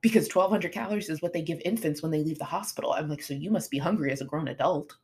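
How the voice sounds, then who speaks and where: A woman's voice: low voice, fast talker. A middle-aged woman fitness coach hosting a podcast, talking casually and motivationally, acting out what her students say. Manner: chatty, animated, acts out her students' lines.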